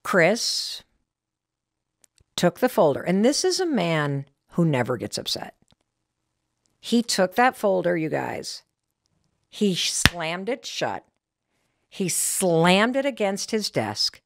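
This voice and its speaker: A middle-aged American woman hosts her podcast with candid, animated storytelling. Her pitch leaps and swoops freely as she talks. The sound is dry and close, with no room echo. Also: slow pace. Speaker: podcast host. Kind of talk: motivational podcast talk.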